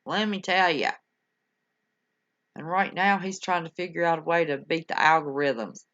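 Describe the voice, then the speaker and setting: A folksy older woman hosts a stream, her voice fairly low and a bit bright at a moderate pace. Chatting casually and affectionately with live viewers, she calls them honey and y'all, and the home stream audio sounds dull and lo-fi.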